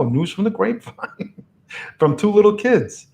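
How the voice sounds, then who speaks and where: A man's voice: sits high, sing-song, a little slow, vocal fry, a little mellow. Rambling New man livestreaming. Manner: rambling, chuckles often. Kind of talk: casual livestream chat. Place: home room lit by a lamp. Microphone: XLR microphone on a box.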